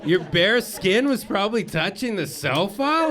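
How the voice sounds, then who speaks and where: A man's voice: high voice, very animated, a little slow, few pauses, crowd noise. A man doing a stand-up comedy set on stage, rambling and self-deprecating, with lots of filler words. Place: comedy stage before a live audience. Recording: live stage mic with audience laughter.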